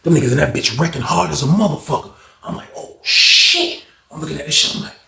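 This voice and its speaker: A man's voice: a little high, fast, creaky. A young man telling a story in a loose, slangy way, acting out what people said. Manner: animated slangy retelling, acts out quotes. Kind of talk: casual jailhouse storytime. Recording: echoey room.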